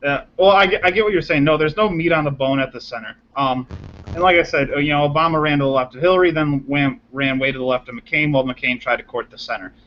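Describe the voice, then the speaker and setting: A man's voice: fairly high pitch, quick pace, dull audio, slight background noise. A man arguing his case in a political panel discussion, driving points home by repeating them. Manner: argumentative, repeats points for emphasis.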